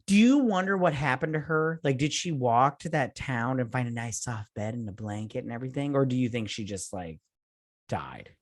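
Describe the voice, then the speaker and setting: A man chatting loosely about a film, rambling with lots of fillers and restarts. His middle-pitched voice is recorded close and dry, with no room sound. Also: lively intonation, moderate pace, no room sound. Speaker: podcast co-host reviewing a film. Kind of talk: casual drunk movie review chat.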